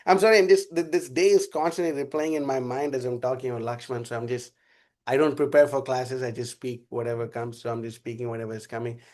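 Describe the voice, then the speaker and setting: A man's voice: medium pitch, fairly even intonation, fast, darkish tone. A man giving a casual spiritual class, telling a rambling story with frequent laughter. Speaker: class speaker.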